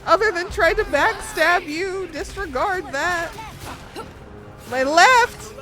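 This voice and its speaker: A woman streaming gameplay, reacting excitably, swearing often and talking to herself and the screen. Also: very high-pitched, slow, faint music behind. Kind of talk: live gameplay commentary.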